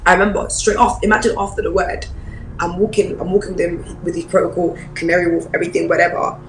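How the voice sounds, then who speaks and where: A woman pastor, preaching a personal testimony in an animated storytelling way. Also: lowish voice, fast talker, echoey room, a little hiss or hum, low-quality recording. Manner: animated storyteller, acts out quoted voices.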